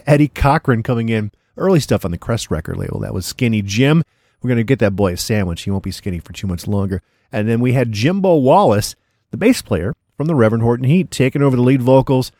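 A man's voice: mid-range voice, darkish tone, no room sound, studio quality. A man hosting a music radio show in casual DJ patter, easygoing and enthusiastic with frequent filler words. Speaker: radio DJ host.

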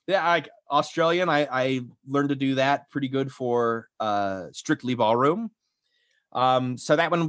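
A man's voice: medium pitch, measured pace, a bit bright, no room sound, studio quality. A young adult man, a voice actor, chatting casually in an interview in a self-effacing way. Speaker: voice actor and audiobook narrator.

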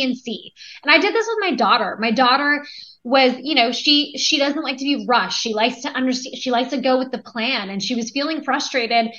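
A woman in her thirties, a podcast guest, talking energetically and acting out quoted lines as she tells stories. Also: high voice. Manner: energetic, storytelling with quoted dialogue. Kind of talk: conversational interview. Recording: dull lo-fi audio.

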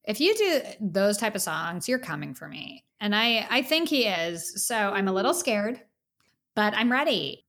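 A woman's voice: mid-range voice, a bit bright. A woman co-hosting a podcast, chatting casually in a bubbly, rambling way and laughing often. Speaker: podcast co-host. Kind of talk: casual chat. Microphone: video call.

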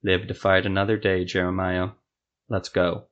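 A man voicing a wary, gruff male monster hunter in a fantasy audio story, speaking tersely. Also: low voice, little pitch movement, normal speed, fairly bright tone, lo-fi sound. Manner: terse, snarling.

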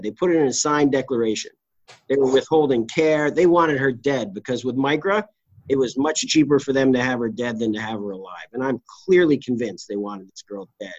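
A middle-aged man tells stories from his legal career in a blunt, salty, animated way. He sits on a dry, close mic with little room sound. The recording is slightly dull and muffled. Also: medium pitch, moderate pace, no room sound. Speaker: trial lawyer, interview guest. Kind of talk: candid storytelling interview.

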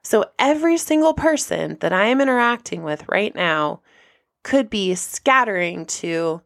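A woman hosting a podcast, telling a personal story in a lively way and acting out the people she quotes. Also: unhurried, gravelly, no echo, clean studio sound. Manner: animated, acts out quoted people with big pitch jumps. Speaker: podcast host.

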